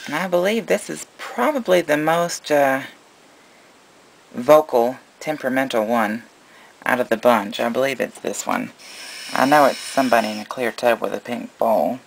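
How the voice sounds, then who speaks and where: A man's voice: mid-range voice, moderate pace, gravelly, poor audio. A man running a casual vlog as a reptile breeder, mixing cooing baby talk to his animals with plain explanation.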